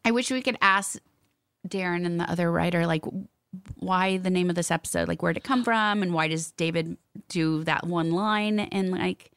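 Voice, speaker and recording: A woman's voice: fairly low pitch, moderate pace, gravelly, fairly bright tone, smooth, no room sound, studio quality. A woman co-hosting a podcast, chatting casually and telling stories with lots of "like". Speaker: podcast co-host. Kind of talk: casual chat.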